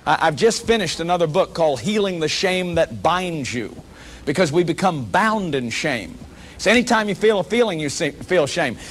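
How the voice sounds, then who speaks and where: A workshop leader gives a public lecture, earnest and emphatic, often repeating words as he restarts. His voice is fairly high and fairly bright, with lively intonation at normal speed and slight background noise.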